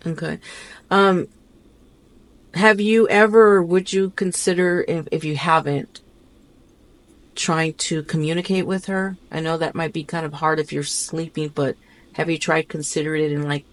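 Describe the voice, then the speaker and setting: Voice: medium pitch, fairly even intonation, unhurried, no room sound. A podcast host interviewing a guest, asking probing follow-up questions with frequent restarts.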